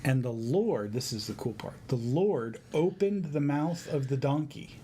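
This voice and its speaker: A man retelling a Bible story to his son in a family devotion, in a lively, conversational way. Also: medium pitch, a little slow, a little hiss or hum. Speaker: father teaching his son.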